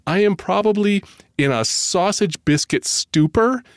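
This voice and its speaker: Jokey male podcast co-host, lively voice. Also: sits high, a little slow, clean tone, no echo, studio quality. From Connecticut. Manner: jokey and earnest. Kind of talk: casual chat.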